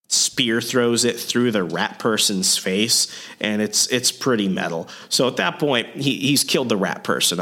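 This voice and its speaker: Man, fairly low voice, laid-back profane podcast recapper. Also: fairly bright tone. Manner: casual, profane, lots of fillers. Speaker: comic book podcast host. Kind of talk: casual chat.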